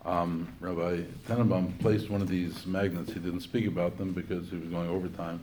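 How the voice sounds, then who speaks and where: A man with a very low, dark voice talks casually to an audience and makes joking asides. Faint room sound sits behind him. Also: level tone, moderate pace, a little hiss or hum.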